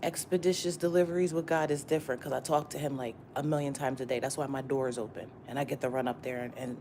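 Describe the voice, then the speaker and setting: A woman's voice: very deep voice, steady tone, fast, darkish tone, slight background noise. A woman tarot reader giving a casual morning pep talk to her viewers, slangy and profane, repeating herself for emphasis. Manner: repetitive and emphatic, often asking "you get what I'm saying?".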